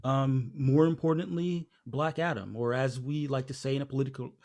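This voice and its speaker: A man's voice: medium pitch, fairly even intonation, moderate pace, a little mellow. A man hosting a podcast, rambling and laughing while running through the news. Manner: rambling, laughing, trying to keep on track. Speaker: podcast host. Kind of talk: casual chat.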